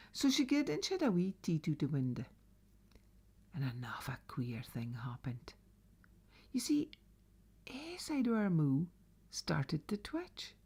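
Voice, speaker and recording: A woman's voice: medium pitch, gravelly. A woman with a Northeast Scots accent telling a traditional folk tale, dramatic and dropping to whispers. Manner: lively, dramatic, drops to whispers. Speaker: storyteller.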